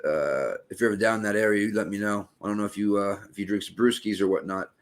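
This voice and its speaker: Rambling Boston man, lowish voice. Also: fast talker. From Boston area. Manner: rambling, swears freely, many restarts. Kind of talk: casual podcast chat.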